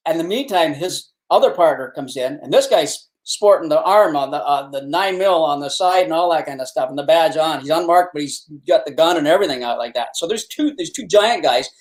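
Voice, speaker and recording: A man's voice: a little high, lively intonation, fairly quick, hardly any pauses. Rambling Canadian man telling a story. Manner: rambling anecdotal storyteller with restarts. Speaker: guest, fishing show host. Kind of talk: casual storytelling.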